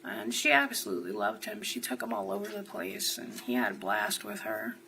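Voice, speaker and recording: A woman's voice: mid-range voice, wildly swooping pitch, fairly quick, creaky, sharp tone, a little hiss or hum, rough recording. A woman from New Jersey testifying as a witness in a courtroom, giving short answers and then rambling through long stories.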